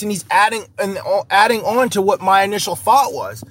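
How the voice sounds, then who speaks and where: A man's voice: high-pitched, a little fast, few pauses, slight background noise. A man hosting a podcast, talking animatedly in a casual, rambling way, full of fillers and rhetorical "right?" checks. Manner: animated, repetitive, lots of "like" and "right?". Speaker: podcast host. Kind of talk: casual solo podcast talk.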